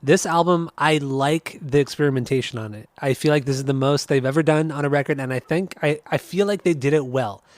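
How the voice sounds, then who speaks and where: A man co-hosting a podcast in casual chat, easygoing and quick to laugh, with many hesitant fillers. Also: on the high side, dry recording. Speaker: podcast co-host.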